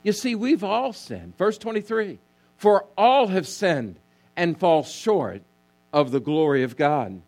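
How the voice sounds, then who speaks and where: A man's voice: high voice, big pitch swings, slow pace, a little mellow. A male pastor preaching a sermon, emphatic and repetitive, calling on the congregation to answer. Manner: emphatic preaching, repeats key words, asks congregation to respond.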